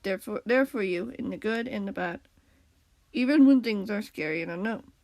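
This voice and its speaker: A woman's voice: medium pitch, normal speed, darkish tone, dry recording, lightly acted. A woman reading aloud and voicing a kind but firm male squid who speaks in a matter-of-fact way. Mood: reassuring.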